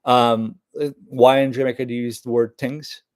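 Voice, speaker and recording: A man's voice: medium pitch, little pitch movement, normal speed, no echo. A man rambling casually through news topics, full of fillers and cursing. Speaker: vlogger reading the news.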